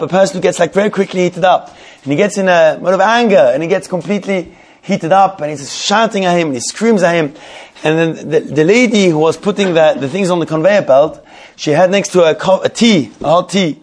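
A man teaching a Torah class who tells a story in a rapid, animated way, repeating himself and restarting his sentences often. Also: fairly high pitch.

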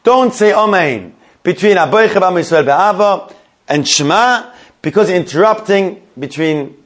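High-voiced man teaching a text class. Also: measured pace. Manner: lively, questioning the class and praising answers. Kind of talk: reading a legal text aloud and translating it line by line.

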